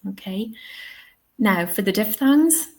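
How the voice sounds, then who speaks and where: Slow, patient Irish woman teaching. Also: mid-range voice, animated. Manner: patient, checks in often with "okay" and "all right". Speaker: TEFL trainer. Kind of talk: online teaching webinar. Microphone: webinar.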